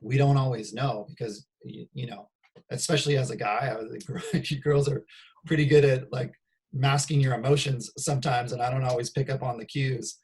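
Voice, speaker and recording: A man with an average-pitched voice interviews a former player from the coach's side. He talks in a measured, thoughtful way, dropping the odd "you know" as he works through his points. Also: steady tone, a little mellow. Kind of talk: casual interview talk.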